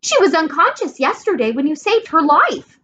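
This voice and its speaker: A woman voicing a young schoolgirl in a storybook read-aloud, high and tearful, stammering. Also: big pitch swings, moderate pace, sharp tone, muffled recording, slight background noise, exaggerated voice. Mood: relieved.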